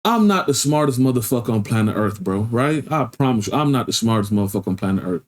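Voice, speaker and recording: A man's voice: mid-range voice, expressive, fast, a little hiss or hum. A man hosting a reaction video, telling a story in casual street slang and peppering it with "you feel me". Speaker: reaction channel host.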